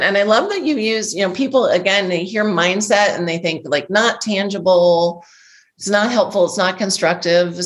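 A woman hosting a casual conversation, a coach who affirms her guest and thinks aloud with frequent restarts. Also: on the low side. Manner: affirming, thoughtful, restarts often. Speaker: host and coach.

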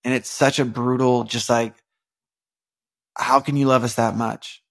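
A young man with a gravelly, mid-pitched voice talks through a devotional podcast episode. His delivery is loose and earnest, with stacked fillers, false starts and sudden animated bursts. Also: unhurried. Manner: rambling and earnest, many fillers and restarts, bursts of animated emphasis. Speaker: podcast host. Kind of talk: casual devotional podcast talk.

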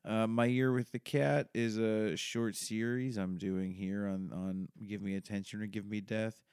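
A man talks through a casual podcast intro in a lowish, smooth voice. He rambles and mocks himself, dropping curse words freely. The sound is dry and close, with no room around it. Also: fairly even intonation, unhurried, a little mellow, no echo. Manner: rambling, self-mocking, swears a lot. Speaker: podcast host.

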